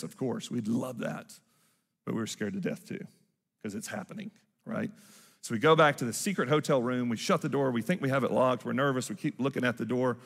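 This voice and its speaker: A man's voice: mid-range voice, vocal fry, husky. A man preaching a sermon from a church stage, telling a story and acting out the people in it. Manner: storytelling, acts out quoted voices. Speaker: pastor. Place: large church hall. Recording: church hall reverb with music.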